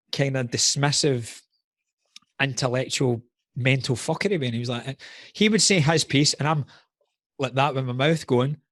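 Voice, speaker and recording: A man's voice: mid-range voice, dry recording, studio quality. A man in a casual podcast conversation, blunt and candid, swearing freely while reflecting on personal wounds.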